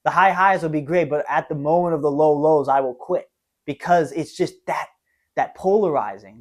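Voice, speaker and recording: Young man, twenties, slightly high voice, earnest, self-reflective, solo podcast monologue. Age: 20s. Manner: earnest, self-reflective, animated with frequent "right?" tags. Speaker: podcast host.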